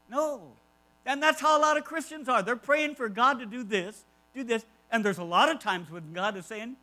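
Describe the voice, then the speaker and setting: High bright-voiced man preaching. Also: moderate pace, low-quality recording. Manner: emphatic, repeats key phrases, asides to the congregation. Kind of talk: conversational sermon.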